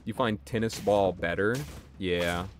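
Faint music plays behind this man's deep, steady voice, which moves a little slowly. While streaming a game, he answers his chat in a chatty, profane way, giving casual commentary on his play.

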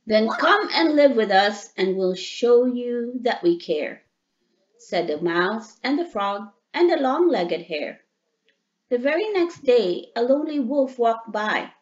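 A woman reading a children's storybook aloud to a child in a lively, emphatic way. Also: on the high side, a little slow. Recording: dull lo-fi sound.

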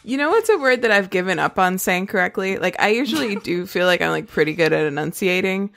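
Woman, podcast co-host, casual chat, wry, animated. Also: mid-range voice, brisk, creaky. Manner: wry, laughing.

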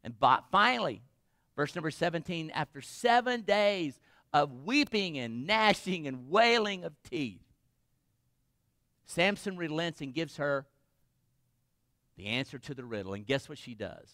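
A man's voice: a little high, sing-song, a little slow, pauses often, sharp tone, no room sound, studio quality. A man pastor preaching a sermon, retelling a story dramatically and asking the congregation questions.

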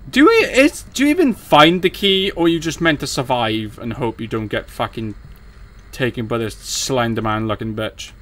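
A man's voice: medium pitch, lively intonation, moderate pace, a bit bright. A young man, commentating a horror game as he plays, jumpy and swearing at it. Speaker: gaming streamer.

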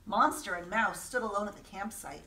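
A woman, a children's librarian, reading a picture book aloud gently and asking the listening children questions. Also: medium pitch, moderate pace, a little hiss or hum. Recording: echoey room, voice from a distance.

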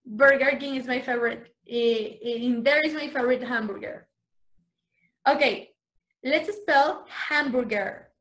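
A woman teaching English vocabulary to young children over a video call, spelling words slowly and switching into to explain. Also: high voice, a bit bright. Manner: slow, exaggerated spelling and repetition, switching to Spanish explanations. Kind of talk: online class for young children.

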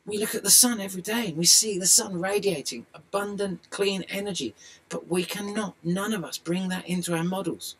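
A middle-aged man with an excitable, rambling delivery, talking to his video subscribers. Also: high voice, brisk. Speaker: video blogger. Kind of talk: rambling monologue.

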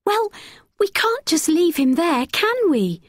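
A woman's voice: extremely high pitch, sing-song, slow pace, no echo, clean studio sound, voice pushed up, heavily acted. A woman voicing a brave, determined young woman who speaks firmly and decisively. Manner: firm and decisive.

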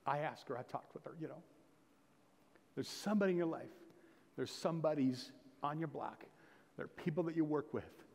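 A man's voice: on the high side, a little mellow. A middle-aged man preaching a sermon as pastor, telling folksy stories and building to emphatic exhortation. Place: church sanctuary. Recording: long reverb of a church hall.

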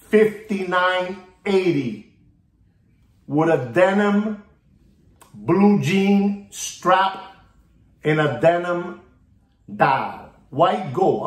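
A man ranting theatrically about the watch market, repeating himself and swinging between loud bursts and low mutters. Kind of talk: hyped market rant to camera. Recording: roomy echo.

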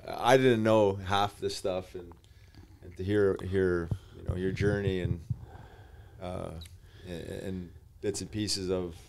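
A man co-hosting a podcast, speaking softly and haltingly in casual chat. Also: low voice, steady tone, creaky, background noise. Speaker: podcast co-host.

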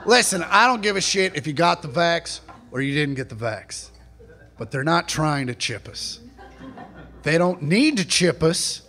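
A man doing a live stand-up set in a comedy club, mocking and profane, shouting his punchlines. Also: fairly high pitch, lively intonation, unhurried. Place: comedy club stage before a laughing audience. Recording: live club recording, audience noise.

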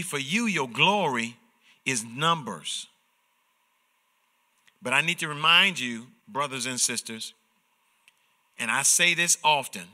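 A man's voice: a little high, sharp tone. A man preaching at a midweek Bible study, emphatic and repetitive, often saying "watch this" and checking in with the listeners. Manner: emphatic, repeats "watch this" and "all right?". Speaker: pastor teaching Bible study. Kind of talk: sermon-style Bible teaching.

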